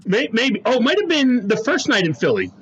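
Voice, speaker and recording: A man co-hosting a podcast, telling stories in a casual, animated way and laughing through them. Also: extremely high pitch, brisk, muffled recording, very noisy. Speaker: podcast co-host. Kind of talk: casual storytelling chat.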